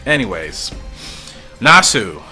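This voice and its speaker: A man casually talking his way through a comic, musing and thinking aloud as he goes. His mid-pitched voice rises and falls in lively swings and often trails low. Faint music plays behind him. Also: slow. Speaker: comic reader and commentator.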